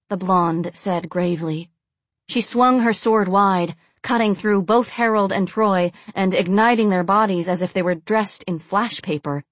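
A woman reading a novel aloud in steady, measured narration. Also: fairly low pitch, dry recording. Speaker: audiobook narrator. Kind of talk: scripted narration.

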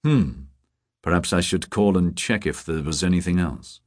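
A man's voice: low voice, normal speed, no room sound, clean studio sound, lightly acted. A man reading a story voices a weary middle-aged detective, terse and clipped.

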